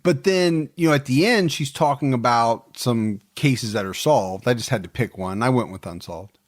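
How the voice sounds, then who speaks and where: A man's voice: medium pitch, moderate pace. A man hosting a podcast, chatting casually and easygoing with his co-host. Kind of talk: casual chat.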